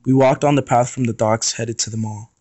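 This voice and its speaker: A young man reads his own short story aloud in steady first-person narration. His voice sits at an ordinary middle pitch. The recording is dry and close, with no room echo. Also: brisk. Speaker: student reader.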